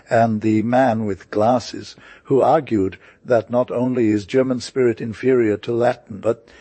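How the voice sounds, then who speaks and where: Low-voiced man reading an audiobook. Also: no room sound. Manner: steady reading with occasional slips and restarts. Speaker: narrator.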